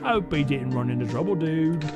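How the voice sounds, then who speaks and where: A man's voice: high-pitched, sing-song, normal speed, over loud music, pitched above the performer's own voice. A man voicing a brash, slangy woman with a half-Cockney lilt who keeps saying dude. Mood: laid-back. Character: brash slangy surfer-like female townsperson.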